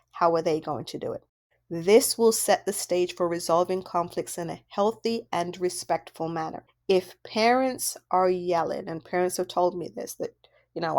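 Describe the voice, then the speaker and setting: Woman, parenting coach, lowish voice, conversational teaching with rhetorical questions. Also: darkish tone. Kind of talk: instructional audio workbook talk.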